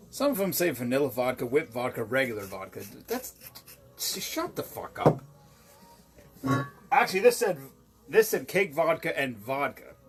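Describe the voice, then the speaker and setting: A slightly drunk man chats loosely from behind his home bar, cursing freely and drifting from one story to the next. His voice sits at an ordinary middle pitch, with faint music playing behind him. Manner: profane, rambling, giggly storyteller. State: tipsy. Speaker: show host mixing drinks. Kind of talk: casual chat.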